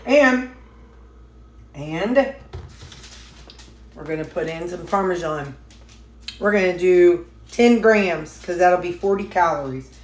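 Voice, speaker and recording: A woman's voice: lowish voice, expressive, slow, pauses often, slight background noise. A woman vlogging casually from her home kitchen, rambling along with plenty of fillers and restarts. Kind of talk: casual chatty diet vlog. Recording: echoey kitchen with dish clatter.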